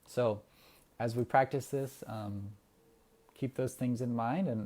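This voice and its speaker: A man guiding a mindfulness lesson on a livestream, talking casually and gently with many ums and restarts. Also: medium pitch, steady tone, unhurried. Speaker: mindfulness instructor. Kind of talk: casual livestream meditation guidance.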